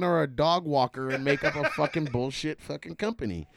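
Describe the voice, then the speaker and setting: A young adult man telling profane stories in casual chat, laughing often and talking in an animated way. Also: on the high side, fairly quick, vocal fry, background noise.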